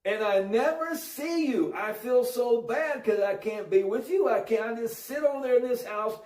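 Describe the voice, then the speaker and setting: A man voicing a young queen who pleads with her husband, his voice raised and slowed. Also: extremely high pitch, a little mellow, recorded from a distance, pitched above the performer's own voice. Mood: pleading. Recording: roomy audio from off-mic.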